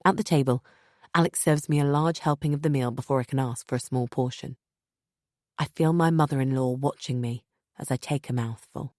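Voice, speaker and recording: Female audiobook narrator, low register, dry studio sound, tense measured reading. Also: a little mellow, dry recording. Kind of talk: first-person thriller narration.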